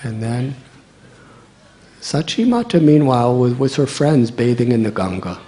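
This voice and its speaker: A man giving a storytelling sermon as a monk, speaking gently with chuckling asides. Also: mid-range voice, lively intonation, unhurried, slight background noise.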